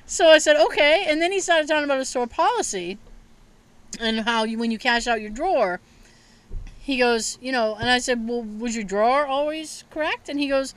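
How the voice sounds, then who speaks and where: A woman hosting a podcast, telling a family story in casual chat, animated and swearing freely with frequent laughter. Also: high-pitched, normal speed. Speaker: podcast host.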